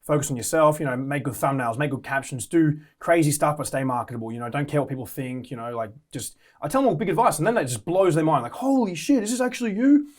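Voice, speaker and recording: A man's voice: medium pitch, quick pace, few pauses. A young adult man with an Australian accent, a guest in casual podcast chat, swearing and filling his talk with "like" and "you know".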